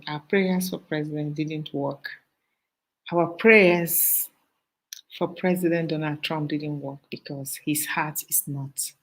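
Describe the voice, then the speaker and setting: Husky woman hosting a live chat. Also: deep voice, rough recording. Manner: storytelling, animated, preachy asides. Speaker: host of a live chat stream. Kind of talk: casual live-stream chat.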